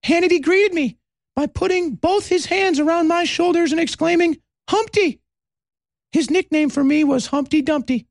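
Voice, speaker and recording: A man putting on the voice of a high-pitched, self-important male TV journalist, reading a story in a mock-solemn, squeaky tone. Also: normal speed, gravelly, dry recording, studio quality.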